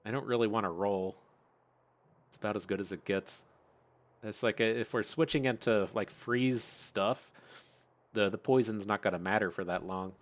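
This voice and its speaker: A man's voice: lowish voice, moderate pace. A man hosting his gaming channel, thinking aloud in chatty, casual commentary and laughing at his own tangents.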